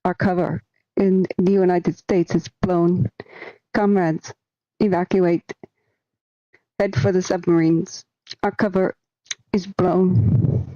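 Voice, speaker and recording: A stern Soviet broadcast announcer barks slow, loud, commanding orders, as a woman puts him on. The voice sits low, and the sound is dry and dull, like a lo-fi stream. It comes through a close headset mic. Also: level tone, no room sound.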